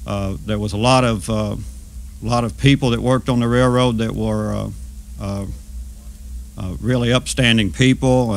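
A man, recalling his railroad years in a measured way with many pauses. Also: medium pitch. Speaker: former railroad worker. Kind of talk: oral history reminiscence.

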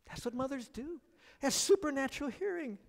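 A middle-aged male pastor preaching a sermon at a church service, joking with the congregation as an animated storyteller. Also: very high voice, a little fast, vocal fry. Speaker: guest pastor.

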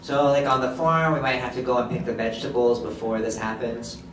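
A man's voice: medium pitch, brisk, fairly bright tone. A man voicing a deaf presenter's signed story in first person as a live interpreter, with short restarts. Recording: echoey hall, distant mic, background noise.

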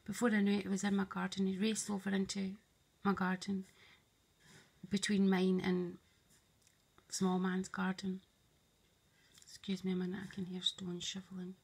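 Woman, confiding rambling monologue, husky, flat delivery, slips into whispers. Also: mid-range voice, normal speed, pauses often. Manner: hushed, often drops to a whisper; meandering and confiding, voices both sides of an imagined dialogue. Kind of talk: rambling spoken monologue to camera.

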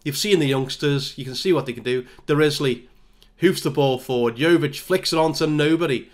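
A man's voice: on the high side, moderate pace. A man giving casual, self-mocking play-by-play commentary over a football management game. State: out of breath. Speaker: gaming YouTuber.

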